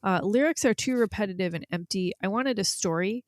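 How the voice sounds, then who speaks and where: A woman co-hosting a music review podcast in casual chat, candid and quick to laugh. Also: medium pitch, no room sound, clean studio sound. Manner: candid, laughs easily, blunt opinions. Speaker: podcast co-host reviewing albums.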